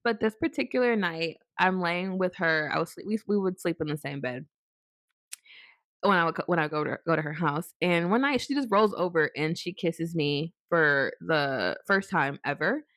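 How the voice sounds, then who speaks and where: A woman's voice: fairly low pitch, moderate pace, dry recording, studio quality. A young woman casually telling a long personal story to her viewers, rambling with lots of fillers and restarts and acting out what people said. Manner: rambling, filler-heavy, animated quoted asides. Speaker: storytime vlogger.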